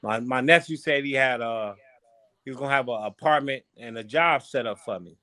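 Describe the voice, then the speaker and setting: A man from Chicago, a former boxer, guesting on a podcast and telling stories from his life in a loose, animated, slangy way with plenty of swearing. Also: medium pitch, brisk, no echo. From Chicago, USA. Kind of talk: casual storytelling interview.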